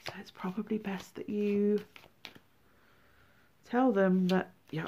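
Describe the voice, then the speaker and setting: A woman giving a tarot reading, animated, exclaiming and acting out feelings. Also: mid-range voice, slow pace, pauses often, dull audio. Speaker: tarot reader.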